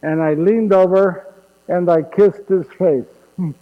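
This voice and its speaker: A man's voice: sits high, unhurried. An actor playing Saint Joseph as a humble, wonder-struck father, telling the story in first person and chuckling as he turns to the audience. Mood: awed. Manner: chuckles warmly at his own story, asks the audience directly. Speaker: actor in a one-man stage show. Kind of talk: first-person dramatic monologue. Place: church. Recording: echoey church, dull muffled sound.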